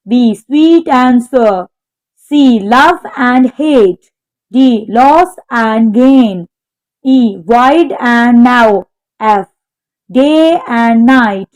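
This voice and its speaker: A woman teacher slowly reading out textbook exercise answers, carefully naming the stressed syllable of each word. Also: a little high, rough recording. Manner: slow, careful dictation, spelling out word stress. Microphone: home microphone.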